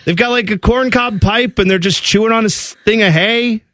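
A man's voice: high-pitched, fairly quick. A man hosting a sports radio show, telling stories in casual, joking banter with a co-host. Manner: animated, joking storyteller. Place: radio studio.

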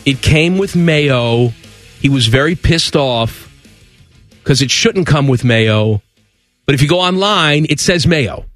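A radio co-host in a loose, joking chat, his pitch jumping around as he teases. His voice sits a bit high for a man. The mic is close and dry, with faint music under him. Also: animated, slow, a bit bright, dry recording. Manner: teasing, joking. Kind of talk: casual chat.

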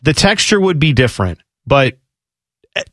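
A man co-hosting a radio show, chatting casually with animated asides and mock quotes. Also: medium pitch, normal speed, dry recording, studio quality.

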